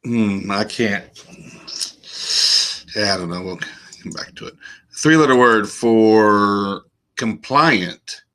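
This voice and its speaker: A man's voice: lowish voice, fairly bright tone. A middle-aged man hosting a casual chat while solving a crossword, joking and musing. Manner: joking, slow and musing, breaks into silly voices. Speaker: podcast host.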